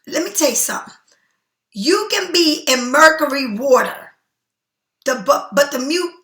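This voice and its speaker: A woman's voice: sits high, animated, a little slow, roomy sound, noisy background. A woman giving a casual tarot reading straight to the viewer, repeating herself for emphasis as she offers spiritual encouragement. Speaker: tarot card reader.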